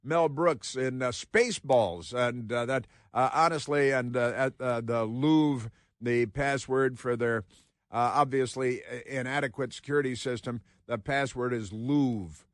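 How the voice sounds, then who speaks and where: A man's voice: medium pitch, fairly even intonation, unhurried, dry recording, clean studio sound. A man hosting a talk radio show, rambling sardonically between headlines he reads aloud.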